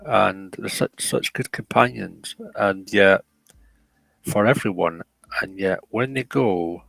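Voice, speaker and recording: A middle-aged man in casual chat, rambling and halting with many restarts. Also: lowish voice, creaky, fairly bright tone, no room sound, poor audio.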